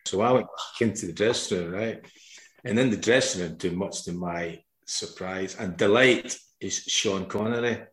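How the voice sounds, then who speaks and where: A middle-aged man with a low voice spins a loose, rambling story, breaking into laughter as he talks. The sound is roomy, with a noticeable echo around him. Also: moderate pace. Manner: rambling, laughs while telling. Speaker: podcast host. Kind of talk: casual storytelling.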